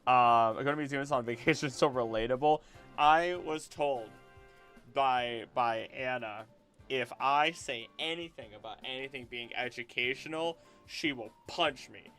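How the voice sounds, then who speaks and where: A man's voice: mid-range voice, a little slow, a bit bright, faint music behind. A young man hosting a casual live stream from home, rambling and chatting and laughing often. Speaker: livestream host. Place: home room.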